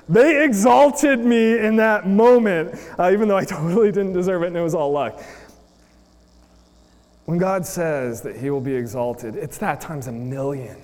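A man's voice: high-pitched, big-room sound. A man in his thirties from the United States giving a chatty sermon, telling a story with many fillers. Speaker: preacher.

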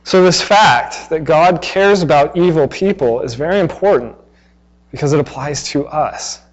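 A man's voice: fairly high pitch, moderate pace, muffled recording. A man in his thirties preaching a sermon in a conversational way, acting out exasperated asides. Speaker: pastor.

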